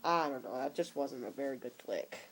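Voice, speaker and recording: A young man in his teens with a cold, rambling casually about movies he likes and dislikes, with frequent halting restarts. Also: mid-range voice, expressive, a bit bright, slight background noise. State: coming down with a cold. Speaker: vlogger.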